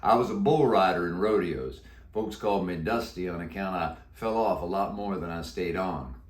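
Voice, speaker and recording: A man voicing a slow, folksy old cowboy zombie with a deep, croaky drawl in a storybook read-aloud. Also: lightly acted. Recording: echoey room.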